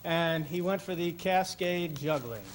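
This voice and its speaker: A man's voice: on the high side, measured pace, background noise. A man performing as a guest comedian on stage, telling a long rambling joke while juggling, stopping to correct himself. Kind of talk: stand-up storytelling with juggling. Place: stage before a live audience.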